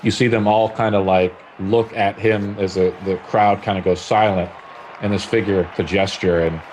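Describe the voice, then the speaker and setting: A man's voice: fairly low pitch, fairly even intonation, moderate pace, a little mellow, a faint crowd, a little hiss or hum. A man narrating a tabletop game as game master, rambling with lots of fillers. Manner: rambling, lots of "like" and "you know".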